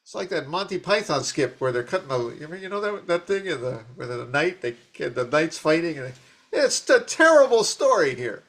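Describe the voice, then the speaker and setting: Animated, rambling male Zen teacher. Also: on the high side, normal speed. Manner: rambling, animated storytelling with frequent restarts. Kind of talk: dharma talk.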